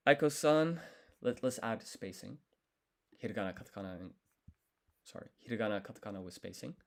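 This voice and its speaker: A man studying a language on a live stream, thinking aloud, sounding out syllables slowly and correcting himself as he goes. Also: on the low side, lively intonation, vocal fry.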